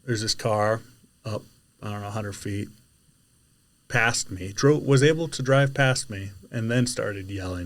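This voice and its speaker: Lower-pitched man, chatty guest, lively storyteller who belts out quoted dialogue. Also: unhurried. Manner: animated storyteller, shouts out quoted lines. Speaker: podcast guest, delivery driver. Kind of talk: casual storytelling chat.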